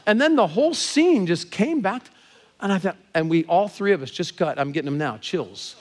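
A man with an American accent, a pastor telling a personal story from the pulpit in an animated way. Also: sits high, moderate pace. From Southern California. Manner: animated, grows excited and laughing as story builds. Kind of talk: sermon storytelling.

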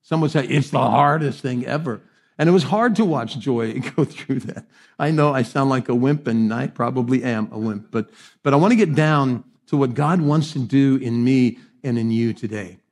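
A middle-aged man preaching a sermon as pastor, telling humorous, self-deprecating stories and swinging between hushed and animated delivery. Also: medium pitch, normal speed.

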